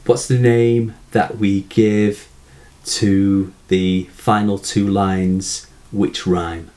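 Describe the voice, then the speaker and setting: A man teaching poetry in a measured way, asking rhetorical questions and reading verse slowly aloud. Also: on the low side, flat delivery, darkish tone. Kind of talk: explanatory lesson.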